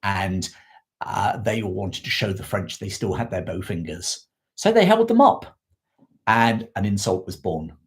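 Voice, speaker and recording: A man's voice: low-pitched, fairly even intonation, measured pace. A man talks history to a live online audience in an unscripted, meandering way. He restarts sentences, corrects his own slips and stops to thank viewers from the chat. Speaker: history livestream host.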